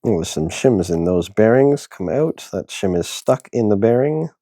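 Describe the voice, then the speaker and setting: A man's voice: lowish voice, lively intonation, moderate pace, warm tone, dry recording. A man narrating a hobby kit build in a casual, chatty way, thinking aloud with many fillers and sounding tired and yawny. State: yawning, tired. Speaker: hobby video host.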